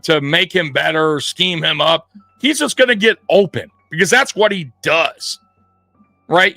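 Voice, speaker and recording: A man's voice: high-pitched, bright, forceful tone, no echo. A man hosting a sports show, ranting in a blunt, profane, fired-up way. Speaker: sports podcast host. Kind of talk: heated sports rant.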